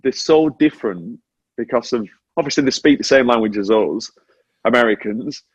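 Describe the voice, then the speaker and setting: Husky British man in his forties. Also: mid-range voice, normal speed, no room sound, muffled recording. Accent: British English. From Britain. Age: 40s. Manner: animated, self-deprecating storytelling. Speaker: guest, former motorcycle racer. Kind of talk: casual interview chat.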